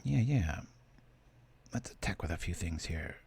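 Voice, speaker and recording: A man's voice: low voice, animated, a little slow, creaky, a little mellow, slight background noise. A man giving casual, chatty commentary while he plays a card game on stream, thinking aloud and thanking viewers.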